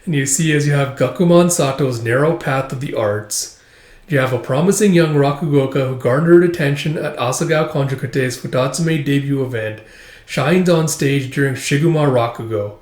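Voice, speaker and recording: Man hosting a casual comic read-through, loose and chatty, mid-pitched, echoey room. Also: moderate pace, darkish tone. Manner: loose recap, filler-heavy. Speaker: comic chapter reviewer. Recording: roomy echo.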